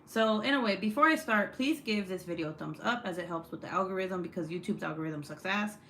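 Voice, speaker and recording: This young woman has a mid-range, sharp-toned voice with lively intonation and a slightly quick pace. Hosting a relaxed true crime livestream at her home desk, she swears a lot and tosses off viewer comments as she reads them. Her desk mic, probably a phone or webcam, picks up a faint hiss.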